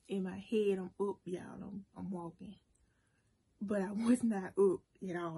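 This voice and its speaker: A woman vlogger telling a story casually to her viewers, animated and talking straight to them. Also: mid-range voice, moderate pace, vocal fry, husky. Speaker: cooking and mukbang vlogger. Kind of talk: casual storytime while eating.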